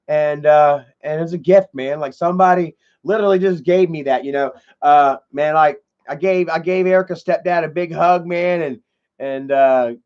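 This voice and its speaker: High-voiced man rambling with profanity. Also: dull audio. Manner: loose, profane, repeats "man" and "you know". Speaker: live streamer. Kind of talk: rambling casual live-stream talk.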